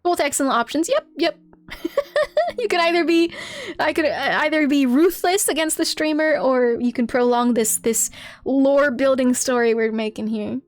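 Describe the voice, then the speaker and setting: A woman's voice: high-pitched, normal speed. A woman streaming a game live, laughing often and talking to her chat while reading out game lines. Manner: giggly, animated, reads out game lines.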